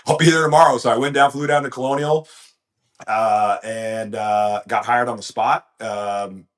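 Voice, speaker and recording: Golf pro guest, man, very low voice, lively storyteller who often restarts sentences. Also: a little slow. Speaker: golf professional, podcast guest. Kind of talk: casual storytelling interview.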